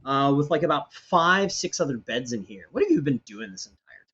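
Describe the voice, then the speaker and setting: A man's voice: medium pitch, big pitch swings, normal speed, a bit bright, slightly rough, dull audio. A man narrating as game master, describing scenes in a rambling way with many fillers.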